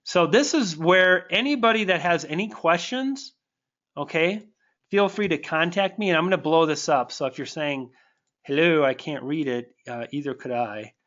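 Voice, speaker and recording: Effusive high-voiced man on a dull stream. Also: animated, normal speed, fairly bright tone. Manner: effusive and thankful, stumbling restarts. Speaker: online marketing coach. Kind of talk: live webinar Q&A, reading viewer comments.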